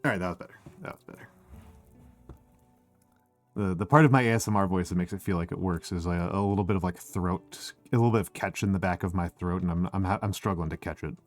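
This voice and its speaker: A man's voice: low voice, quick pace, soft background music. A man livestreaming a casual chat, rambling and wry, who restarts his sentences and says he is short on sleep. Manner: rambling and self-interrupting, with many fillers and restarts; wry and joking. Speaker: streamer.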